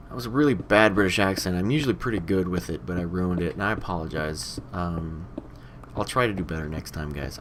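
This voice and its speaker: A young man hosts a game let's play, chatting casually as he plays and rambling with plenty of "you know" fillers. His voice sits low and moves a little fast, with a slight hiss or hum in the recording.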